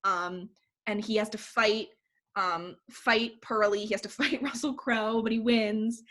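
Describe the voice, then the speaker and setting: A woman's voice: a little high, measured pace. A woman in casual conversation, animatedly retelling a film plot full of "like" fillers. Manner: animated storytelling, recapping a movie with filler "like". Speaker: podcast co-host. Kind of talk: casual chat.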